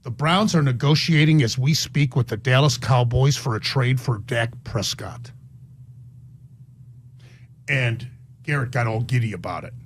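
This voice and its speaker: A man with an Irish accent and a gravelly voice, reporting a sports rumor slowly and deliberately in a played clip. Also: mid-range voice, slight background noise.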